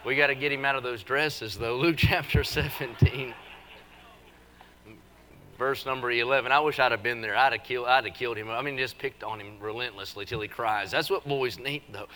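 A man preaching a revival sermon, teasing the congregation in a folksy way before building into forceful preaching. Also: mid-range voice, moderate pace. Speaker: visiting preacher. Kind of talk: revival sermon with joking asides. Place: church service.

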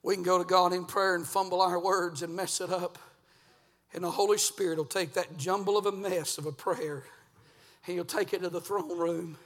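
A man preaching a revival sermon in a church, swinging between hushed, intimate talk and loud, shouted preaching. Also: high-pitched, steady tone, moderate pace, in a large hall. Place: church sanctuary.

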